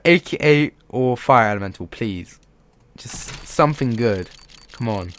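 A man's voice: mid-range voice, expressive, a little slow, a bit bright. Gamer guy swearing at his game, voice swinging all over, begging for luck. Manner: frustrated, swearing, pleading with the game. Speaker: gaming YouTuber. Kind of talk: let's play commentary.

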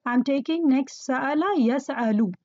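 A woman's voice: high-pitched, measured pace, mellow, no room sound, dull audio. A woman teaching Arabic grammar to learners, patiently repeating key words and quizzing her listeners. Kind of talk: explaining Quranic Arabic grammar.

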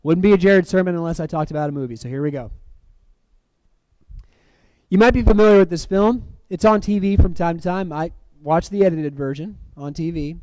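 A male preacher with a high voice delivers a sermon. He swings from loud, emphatic lines down to hushed, dramatic drops. The sound is dry, with little room echo. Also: fairly quick. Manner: acts out movie quotes. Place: church.

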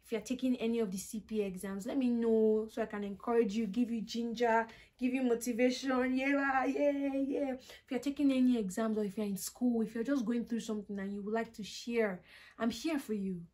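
A young woman vlogger speaking earnestly and warmly to her viewers, retelling scripture in her own words. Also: fairly high pitch, fairly even intonation, fairly quick. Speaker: accounting vlogger. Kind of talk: casual encouraging talk to camera.

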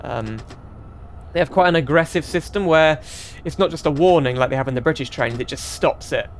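A man with a slightly raised voice talks his way through a train driving game in chatty let's-play commentary. He thinks aloud as he drives and breaks into excited exclamations. A faint hum sits under his voice. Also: a little high, fairly quick. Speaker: gaming channel host.

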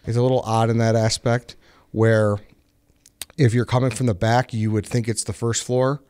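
A young man hosting a podcast, recounting a case in a relaxed, rambling way full of fillers and restarts. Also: mid-range voice, normal speed, smooth, no room sound. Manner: relaxed, filler-heavy storytelling with many restarts. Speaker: podcast host. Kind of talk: casual podcast chat.

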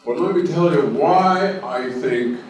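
A man's voice: fairly high pitch, slow pace, darkish tone, slight background noise. A man from Cape Breton with a local accent, speaking on a conference panel in a folksy storytelling manner, with many fillers and restarts. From Cape Breton, Nova Scotia. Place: conference hall. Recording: roomy hall recording from a distance.

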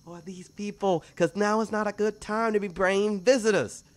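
A man voicing a panicked male goblin villager who curses loudly and frantically. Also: high voice, steady tone, normal speed, voice pushed up, close to an everyday voice. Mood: frantic. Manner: panicked, cursing, loud.

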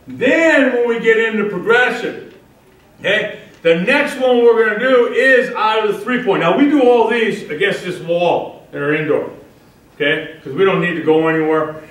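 In an echoey indoor facility with a wall, a coach with a high, somewhat bright voice demonstrates defensive line drills at a clinic. He shouts drill cues and keeps asking "okay?", recorded from a distant mic.

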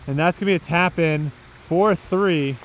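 A man's voice: fairly high pitch, moderate pace. A man from the Southern United States giving playful sportscaster-style commentary on a mini golf game outdoors. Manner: joking sportscaster-style play-by-play. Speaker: vlog host. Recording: dull lo-fi outdoor audio with faint noise.

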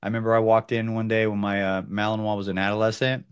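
A man in his thirties, a dog trainer, explaining a training routine in a casual, animated way that sometimes jumps up for loud quoted outbursts. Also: lowish voice, fast, clean tone. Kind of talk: instructional talk.

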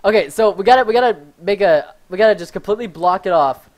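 A young man giving excited, fast-reacting commentary while playing a video game with a friend, often shouting and laughing. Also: high-pitched. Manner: energetic, shouts and laughs during play. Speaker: gaming video host.

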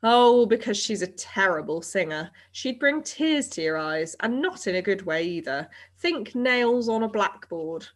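A woman's voice: mid-range voice, lively intonation, a little slow, few pauses, close to an everyday voice. A woman voicing a shy, matter-of-fact boy who explains things patiently. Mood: explaining.

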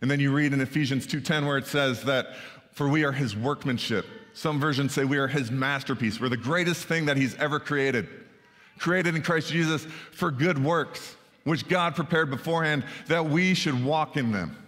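A man's voice: on the high side, normal speed, fairly bright tone. A male pastor giving a conversational sermon, often checking in with the congregation with "right?" asides. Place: church sanctuary. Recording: church sanctuary with long reverb.

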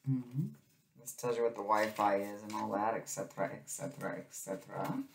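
A woman's voice: rumbling low, brisk, a little hiss or hum. Chatty woman in an echoey room. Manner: chatty, storytelling, addresses viewers as "you guys". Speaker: crafting vlogger. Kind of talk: chatty crafting vlog.

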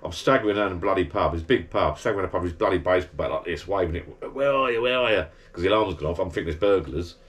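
His voice is low and racing, with hardly any pauses, as this vlogger rambles to camera in his backyard garden bar. He spins pub anecdotes in a chatty, meandering, blokey manner and keeps correcting himself.

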